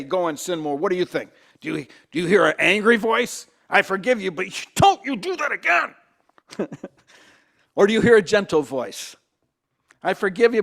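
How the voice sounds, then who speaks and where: A male pastor giving a conversational sermon, asking the congregation questions and sometimes repeating himself as he restarts. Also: sits high. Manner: acts out quoted voices.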